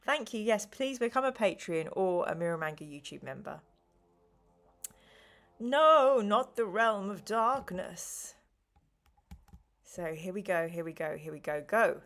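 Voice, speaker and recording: Tired, slow-talking woman streamer. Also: lowish voice. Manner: slow, rambling, chatty with frequent ums and apologies. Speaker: live stream host running a gamebook play. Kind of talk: casual live-stream chat.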